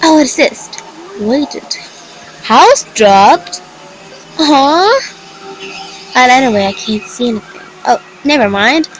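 A young woman commenting on her game with excited exclamations and slightly broken phrasing. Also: high voice, takes it slowly, long pauses, soft background music, low-quality recording. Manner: gushing, exclaims often, slightly broken non-native phrasing. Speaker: gaming video creator.

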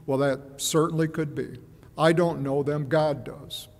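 Male preacher, slightly high voice, measured and reflective, fillers and restarts, church reverb. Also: fairly even intonation, creaky. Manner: measured, musing, hesitant with fillers and repeats. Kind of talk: sermon.

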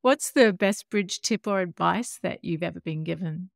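A woman's voice: lowish voice, normal speed, gravelly, dry recording, studio quality. A woman co-hosting an interview show, asking light, teasing questions. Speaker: co-host.

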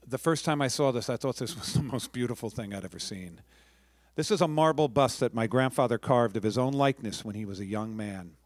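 رجل يروي قصة بحماس أمام جمهور. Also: male voice, mid-range voice, brisk, no echo, studio quality. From New York. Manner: chatty, warm asides with chuckles and restarts. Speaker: storyteller giving a public talk. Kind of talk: storytelling talk to a live audience.

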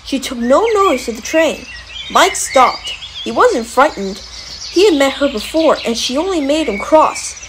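High, lively woman reading a story. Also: unhurried, background noise. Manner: expressive reading. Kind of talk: storybook narration. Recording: music playing behind. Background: music.

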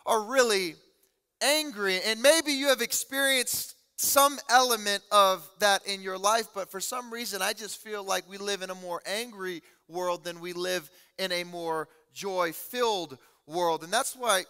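Guy pastor preaching, real high bright voice, animated storyteller, big echoey church hall. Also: unhurried, smooth. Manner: animated, acts out quotes, laughs often. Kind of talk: sermon storytelling.

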